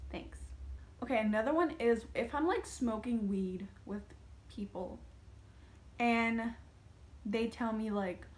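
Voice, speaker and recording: A woman's voice: fairly high pitch, slow, pauses often. Chatty young woman ranting casually. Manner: chatty, heavy use of "like", animated quoted asides. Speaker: vlogger. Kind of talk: casual to-camera rant.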